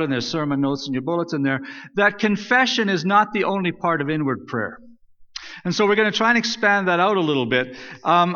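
A man delivers a casual, talky sermon, restarting phrases as he goes and reading scripture passages aloud. His voice sits a bit high. The sound is dull and rings with long reverb from the church sanctuary. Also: bright, forceful tone. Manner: conversational, self-correcting, reads scripture aloud. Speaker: pastor.

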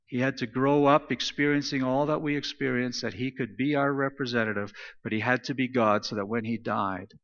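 A man's voice: medium pitch, fairly even intonation, fairly quick, few pauses, a bit bright, big-room sound, muffled recording. A man preaching a sermon in an emphatic style, repeating phrases for stress. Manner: emphatic, repetitive preaching cadence. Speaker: pastor.

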